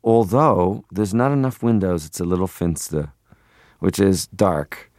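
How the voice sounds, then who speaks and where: A man's voice: low-pitched, lively intonation, measured pace, darkish tone, dry recording, clean studio sound. A man in his forties from Canada, a guest in a radio interview, talking playfully and rambling into funny voices.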